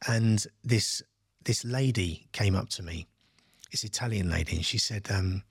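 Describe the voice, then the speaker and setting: Gravelly, husky man telling his story. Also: lowish voice, measured pace, no echo, clean studio sound. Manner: animated, acts out quoted voices. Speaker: podcast guest, entrepreneur. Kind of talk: casual interview storytelling.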